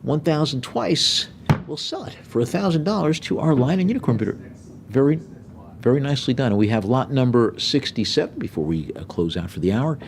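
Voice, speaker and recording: A middle-aged man working as an auctioneer, calling bids briskly with joking asides. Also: medium pitch, lively intonation, vocal fry, slight background noise.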